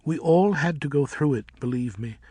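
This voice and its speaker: A man voicing an old, kindly female fruit bat who speaks in a gentle, soothing way. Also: a little high, animated, moderate pace, breathy edge, no echo.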